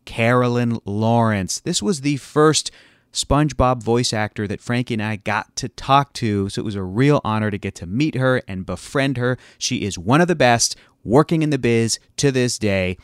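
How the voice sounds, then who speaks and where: A man's voice: medium pitch, moderate pace, clean tone, no room sound, studio quality. A man co-hosting a podcast, introducing and interviewing a guest with enthusiasm. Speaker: podcast co-host.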